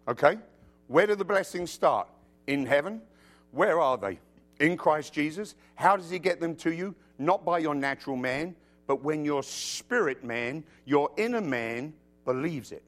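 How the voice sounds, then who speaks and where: A man with a high voice preaches a sermon, quoting scripture as he goes. He swings from hushed, close passages to loud, emphatic bursts and slips in humorous asides. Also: expressive, normal speed.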